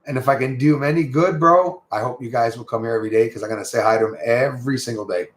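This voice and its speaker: A man's voice: medium pitch, fast, reverberant. A man from Quebec with a Quebec French accent, hosting a casual livestream, greeting viewers and rambling in a friendly way. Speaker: livestream host.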